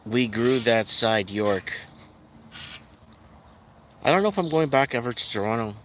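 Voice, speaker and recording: A man's voice: mid-range voice, unhurried. A man hosting a live stream, rambling and ranting skeptically while reading out viewer comments. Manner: ranting, skeptical, loose and rambling with frequent restarts. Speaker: livestream host. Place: at home in Calgary. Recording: steady background noise with passing vehicles.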